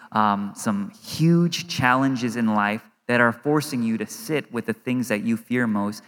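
A man in his thirties, a pastor giving an earnest, conversational sermon in a church, now and then acting out inner worries in quick asides. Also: mid-range voice. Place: church sanctuary. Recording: reverberant hall.

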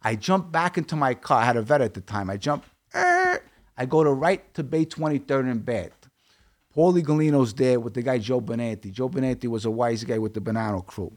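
A man's voice: medium pitch, brisk. A man from Brooklyn with a Brooklyn accent, a guest telling his story bluntly in a casual interview and quoting dialogue. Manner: blunt, streetwise, quotes dialogue.

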